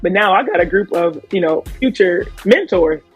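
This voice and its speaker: A woman basketball coach telling stories in a quick, chatty way during an interview. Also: lowish voice, animated, slightly rough, faint music behind. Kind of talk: casual video interview.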